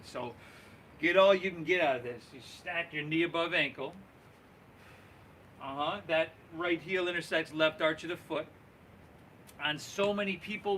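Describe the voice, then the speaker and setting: A man guiding a live yoga class, cueing poses and breaths in an encouraging, relaxed and folksy way. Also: fairly high pitch, a little hiss or hum. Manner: relaxed, folksy, says y'all. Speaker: yoga instructor.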